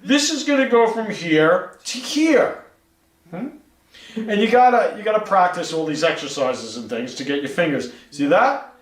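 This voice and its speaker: High-voiced man teaching guitar. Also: expressive, moderate pace, roomy sound, far from the mic. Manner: coaching, repeats checks like "right?" and "see that?". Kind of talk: live-stream guitar lesson. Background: guitar playing.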